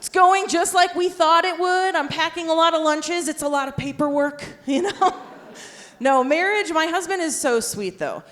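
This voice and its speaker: A woman in her thirties hosts a stand-up night with a high, bright voice that cuts through clearly. She works the crowd with lots of energy and jokes at her own expense. She performs on a theater stage. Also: normal speed. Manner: high-energy crowd work, self-deprecating. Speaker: comedy show host. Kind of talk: stand-up comedy.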